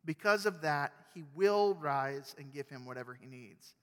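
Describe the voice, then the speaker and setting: Guy pastor preaching, casual storyteller, a bit high voiced, echoey church. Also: moderate pace. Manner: conversational storytelling, animated. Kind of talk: sermon.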